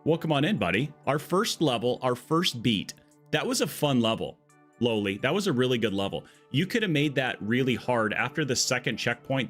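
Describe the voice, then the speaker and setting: A man's voice: medium pitch, fairly bright tone. Chatty male game streamer. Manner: chatty, jokey, talks to chat viewers. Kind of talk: live-stream chat while playing.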